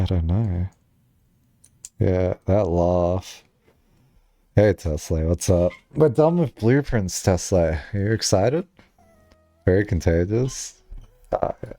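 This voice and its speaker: This young man's low, mellow voice carries no room sound at all. He chats casually while streaming a game, rambling, giggling often, and leaning on lots of filler words.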